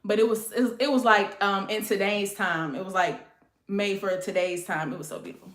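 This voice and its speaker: A woman's voice: medium pitch, steady tone, normal speed, a bit bright. A woman, chatting casually and rambling to her livestream viewers, calling them y'all and honey. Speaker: livestream host. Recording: echoey room.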